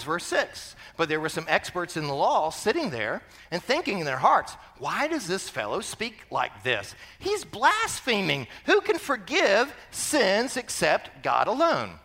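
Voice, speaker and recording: A male pastor preaching a sermon in an animated way, full of rhetorical questions. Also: extremely high pitch, big-room sound.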